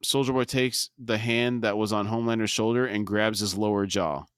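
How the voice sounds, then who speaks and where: On a podcast he co-hosts, a man steadily recaps a TV episode scene by scene, adding brief comments as he reads through it. His voice is on the low side with fairly even intonation and a clean tone, delivered at normal speed in a dry, clean studio recording.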